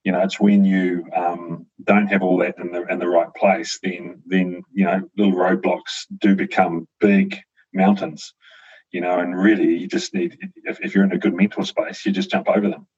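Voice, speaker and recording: A deep, husky man talks things over as a guest, in a flat and even tone. He thinks aloud, with plenty of fillers and restarts. The recording sounds dull and lo-fi. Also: normal speed. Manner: reflective, hesitant, many fillers and restarts. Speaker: guest, avocado farmer. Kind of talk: casual conversation.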